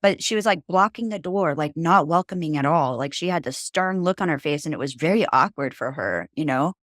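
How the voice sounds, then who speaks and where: A woman's voice: low voice, lively intonation, a little fast, a bit bright, dry recording, studio quality. A woman guest on a podcast, telling a personal story in a rambling, casual way, full of "like" and "you know.".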